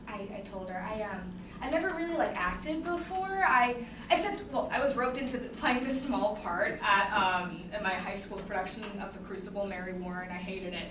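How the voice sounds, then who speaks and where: A woman's voice: medium pitch, lively intonation, normal speed, noisy background. A young woman in her twenties performing a self-deprecating comic monologue on stage, rambling and laughing often. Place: theater stage with audience. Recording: echoey theater, mic far off.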